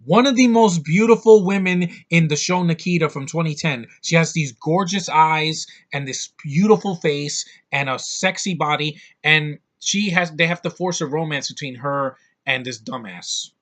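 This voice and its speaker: A man's voice: fairly high pitch, moderate pace, few pauses, fairly bright tone. A man giving a blunt, sarcastic, profane rant as a movie reviewer. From United States.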